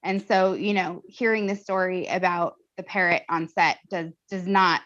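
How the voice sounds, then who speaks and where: An American woman hosting a casual conversation, an animated storyteller who mimics voices. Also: fairly low pitch, moderate pace, lo-fi sound.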